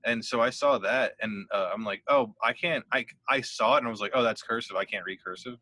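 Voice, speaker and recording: Bright, dry-voiced young man rambling. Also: fairly low pitch, brisk, dry recording. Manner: rambling storytelling with frequent swearing and laughter. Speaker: podcast co-host. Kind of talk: casual chat.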